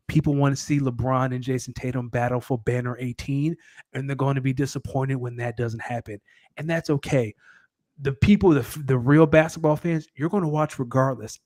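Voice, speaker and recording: A man co-hosting a casual podcast chat, making his case in an emphatic, argumentative way. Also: mid-range voice. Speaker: podcast co-host.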